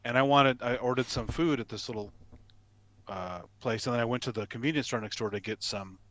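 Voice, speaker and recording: A man's voice: medium pitch, brisk, a bit bright, dry recording. Chatty man on a dry video call. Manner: chatty anecdote-teller, frequent restarts. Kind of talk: casual chat on a video call.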